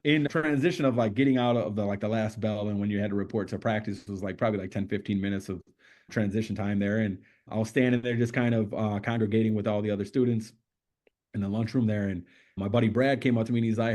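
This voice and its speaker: Middle-aged man, podcast guest, rapid-fire storytelling, animated, salty language. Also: lowish voice. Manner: animated storyteller who acts out quotes and swears freely. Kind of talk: casual storytelling interview.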